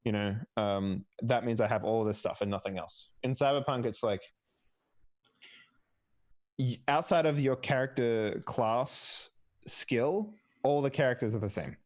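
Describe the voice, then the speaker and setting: A man's voice: mid-range voice, measured pace. A man, a player in a tabletop game, chatting casually and animatedly, swearing freely and laughing often. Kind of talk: casual pre-game chat.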